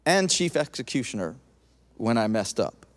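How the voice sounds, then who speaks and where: A man preaching a sermon with an animated delivery, swinging from lively emphasis to a soft, intense tone. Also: medium pitch, moderate pace, long reverb tail. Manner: animated, acts out quoted voices, drops to soft intense tone.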